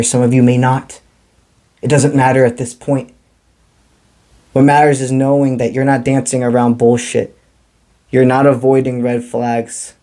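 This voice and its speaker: Mellow-voiced man giving a tarot reading. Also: mid-range voice. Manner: calm, encouraging, mystical, casual slang. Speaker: tarot reader. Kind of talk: spiritual tarot reading to camera.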